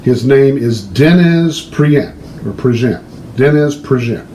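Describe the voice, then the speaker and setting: A man telling a long story in a casual, animated way, hosting his own show. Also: medium pitch, unhurried, roomy sound, a little hiss or hum, rough recording.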